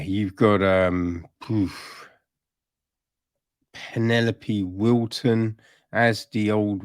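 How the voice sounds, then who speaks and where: A man's voice: lowish voice, no room sound, clean studio sound. A man hosting a podcast, reviewing a TV series in a rambling, casual way that turns into exasperated, swearing rants.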